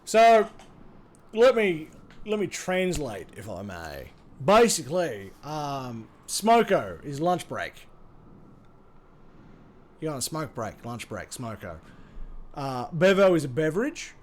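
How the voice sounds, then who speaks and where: A man's voice: fairly high pitch, very animated, slow pace, pauses often. A man with an Australian accent chatting casually on a live game stream, swearing freely and joking at his own expense. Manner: swears freely, jokey and self-mocking.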